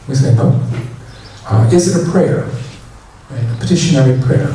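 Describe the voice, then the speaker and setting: A man giving a casual dharma talk as a temple minister, leading the congregation in loud chanting. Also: mid-range voice, normal speed, pauses often. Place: large temple hall. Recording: echoey hall, mic at a distance.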